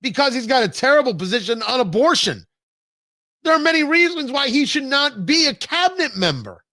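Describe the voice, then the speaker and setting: A male talk show host delivers opinionated political commentary and goes off on sarcastic tangents. His voice is high and forceful, and it sounds close and dry, with no room around it. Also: sing-song, fairly quick, dry recording. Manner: emphatic, sarcastic, digressive.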